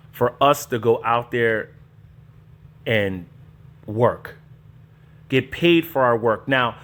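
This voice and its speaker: A man hosting a show, giving casual, incredulous commentary on clips and mocking them, with frequent profanity. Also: medium pitch. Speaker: show host reacting to clips.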